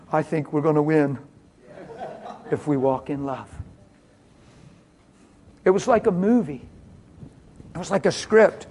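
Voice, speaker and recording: Preacher swinging from whispers to laughter. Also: medium pitch. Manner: swings from hushed near-whispers to loud laughing exclamations; homespun and familiar, calls listeners honey. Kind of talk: storytelling sermon.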